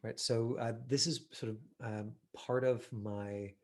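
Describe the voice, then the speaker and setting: A middle-aged male acting teacher who talks through an online class in a loose, chatty way. He stops and restarts often, with plenty of "you know" and "uh", and his pitch sits in an ordinary middle range. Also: fairly even intonation, a little slow. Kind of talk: online acting class, reviewing a self-tape.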